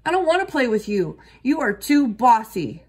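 A woman's voice: on the high side, very animated, a little slow, breathy edge, heavily acted. A woman voicing a grumpy young boy bear in a storybook reading, sulky and grumbling.

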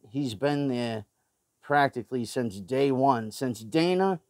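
A man's voice: mid-range voice, darkish tone, dry recording, studio quality. A man with a Boston accent hosting his own show, ranting blunt and profane opinions in a rambling way, full of fillers and restarts. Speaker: show host. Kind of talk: casual opinion rant to camera.

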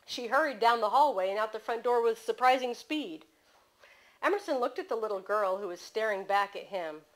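A woman author reading aloud from her mystery novel at a bookstore, in steady storytelling narration. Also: fairly high pitch, moderate pace, poor audio.

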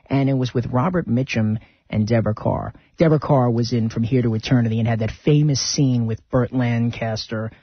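Male radio host, chatty and rambling, slightly husky, muffled dry sound. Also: medium pitch, a little fast, no echo. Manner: rambling, chatty, retells film scenes. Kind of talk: casual radio talk.

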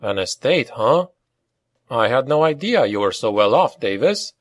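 A stern mercenary colonel talks in a hard, level, commanding voice, as a male narrator puts him on. His audiobook lines move lively in pitch. The sound is close and dry. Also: measured pace, dry recording. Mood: probing.

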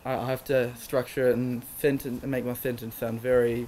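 A man's voice: medium pitch, level tone, fast, mellow, a little hiss or hum. A man with an Australian accent hosting a casual travel show, cheeky and self-deprecating. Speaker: host.

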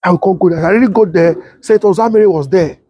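A young adult man with a Nigerian Pidgin English accent, telling a story and acting out the voices of others in a husky tone. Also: fast, dry recording. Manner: switches to high excited voice when quoting others. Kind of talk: animated storytelling with acted-out quotes.

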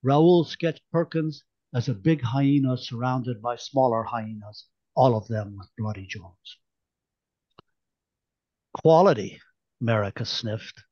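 A male novelist reading his own book aloud with a wry storyteller's touch, at a middling pitch. It comes through dull and lo-fi from an online event, with a dry, close sound. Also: a little slow, darkish tone, dry recording. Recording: dull lo-fi online-call audio.

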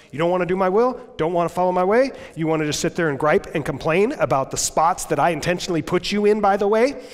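A man's voice: high voice, voice pushed up. A man voicing an exasperated divine figure who scolds a prophet in a raised, sarcastic tone, recorded with long church reverb.

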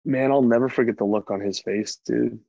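A man's voice: medium pitch, fairly even intonation, brisk, creaky, mellow, dry recording. Man, interview guest, candid rambling storyteller, casual swearing, dull lo-fi dry sound. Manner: candid, rambling, swears freely, lots of fillers. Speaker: podcast guest.

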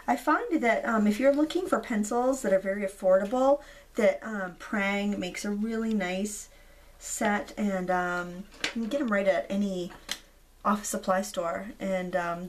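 A woman in her thirties, a hoarse craft video host, talking casually through a tutorial with many relaxed ums. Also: medium pitch. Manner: chatty, relaxed, frequent ums. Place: indoors at a craft table.

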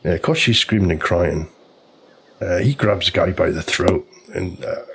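Man, gamer commentary, chatty anecdote, very husky, deep voice. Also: measured pace, fairly bright tone. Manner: chatty storyteller, loose and informal, many restarts. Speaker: gamer playing a golf video game. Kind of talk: casual gameplay commentary with a rambling anecdote.

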